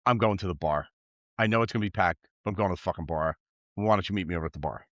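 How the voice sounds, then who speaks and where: A man's voice: low-pitched, very fast, a bit bright, no room sound, muffled recording. A man co-hosting a podcast who tells a long story in a casual, rambling way, laughing as he goes. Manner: rambling, laughing anecdote teller. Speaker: podcast co-host.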